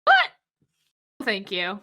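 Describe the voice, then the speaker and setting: Woman player, bright tone, quick joking asides. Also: mid-range voice, huge pitch swings. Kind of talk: casual game banter.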